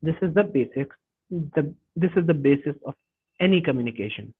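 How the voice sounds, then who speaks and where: A man's voice: on the high side, expressive, a little fast, breathy edge, narrow, tinny audio. A man with an Indian English accent teaching a live online webinar, explaining step by step and often restarting and correcting himself. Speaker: webinar instructor. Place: home or office, online webinar. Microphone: computer mic over a web call.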